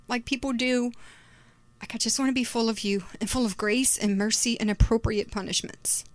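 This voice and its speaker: A middle-aged woman with a slightly high voice preaching a chatty sermon. She talks loosely and conversationally, full of "like" and filler words. The sound is dry and close. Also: no echo. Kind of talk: sermon with personal story.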